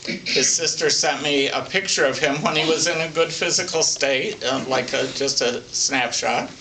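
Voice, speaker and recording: An older man speaking as a psychic medium, telling stories from his life in a plainspoken, folksy, unhurried way for an oral history. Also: fairly high pitch, bright, forceful tone. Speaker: psychic medium recounting readings. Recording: distant mic with faint background hiss.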